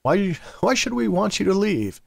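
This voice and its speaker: A man's voice: sits high, big pitch swings, normal speed, vocal fry, pitched above the performer's own voice, heavily acted. A man voicing a confident, wry young male squire who speaks politely but firmly.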